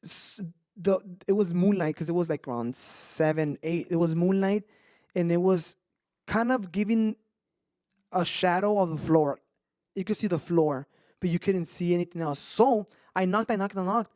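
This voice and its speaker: A man telling scary stories on a casual podcast, animated, swearing and slipping into slang. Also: sits high, moderate pace, no room sound, studio quality. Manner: animated, swears a lot, mixes in Spanish slang. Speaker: podcast host. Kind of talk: casual storytelling chat.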